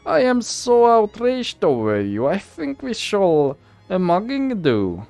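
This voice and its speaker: A man doing squeaky jumbled-talking goblin thugs. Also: huge pitch swings, slow pace, creaky, darkish tone, soft background music, exaggerated voice. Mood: indignant. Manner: broken jumbled word order, indignant. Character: pompous little goblin street gang thugs.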